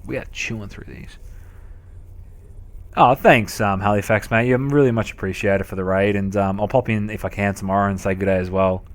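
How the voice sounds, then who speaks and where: A man's voice: fairly low pitch, fairly even intonation, brisk, few pauses. A young adult man with an Australian accent, casually commentating a game live and chatting with viewers, swearing a lot. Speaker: game streamer.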